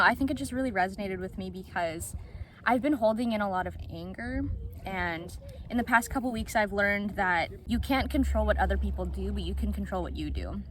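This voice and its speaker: A woman's voice: mid-range voice, low-quality recording. A woman of twenty-seven chatting casually on her vlog, bubbly and giggly, filming on a phone in a car and by the ocean. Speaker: vlogger. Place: in a car, then outdoors by the ocean. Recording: outdoor ambience with steady background noise.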